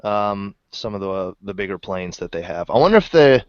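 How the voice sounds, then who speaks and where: A man's voice: on the low side, lively intonation, fairly quick, no echo. Male co-host, playful ribbing with frequent laughs; dull, dry lo-fi sound. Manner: teasing, laughs often. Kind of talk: casual chat.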